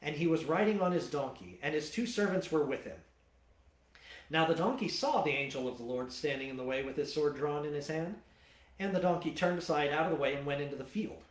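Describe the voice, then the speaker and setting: A male pastor teaching from the Bible and telling the story in an animated, colloquial way. His voice sits a touch high for a man. The sound is roomy, with church hall echo. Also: a little fast.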